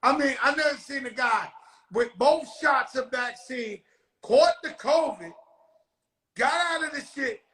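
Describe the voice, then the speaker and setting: Loud, bright-voiced rowdy man host. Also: extremely high pitch, a little slow, echoey room, poor audio. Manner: rowdy, profane storytelling with shouted bursts. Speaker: show host. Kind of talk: casual chat.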